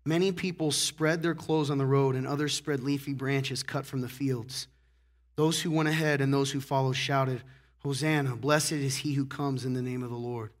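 A man preaching a sermon, joking and animated, acting out little scenes and clearing his throat often. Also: mid-range voice, moderate pace. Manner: joking, animated, acts out characters. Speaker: pastor.

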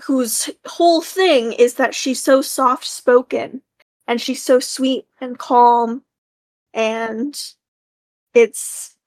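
Expressive woman podcast co-host, dry sound. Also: a little high, no room sound. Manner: expressive storyteller, acts out quotes. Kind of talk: casual discussion podcast.

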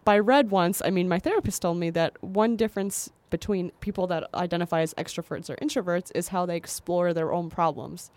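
A woman's voice: lowish voice, a little fast, hardly any pauses, a little mellow, no room sound. A woman co-hosting a podcast in casual chat, wry and self-deprecating with frequent laughs, into a studio mic. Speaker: podcast co-host. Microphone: studio microphone.

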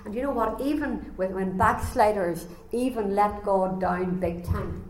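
A woman's voice: medium pitch, unhurried. Woman preaching in an echoey room. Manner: animated storytelling, acting out voices. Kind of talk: sermon. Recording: echoey room, faint ambience.

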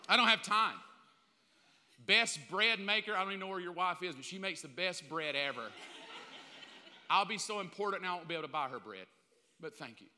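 Pastor, male, fifties, high bright voice, candid jokey sermon, church hall reverb. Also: lively intonation, a little fast, pauses often, slight background noise. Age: 50s. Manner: candid, joking, acts out little scenes.

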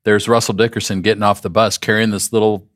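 Low-voiced male podcast host reminiscing. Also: flat delivery, quick pace, a bit bright. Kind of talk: casual chat.

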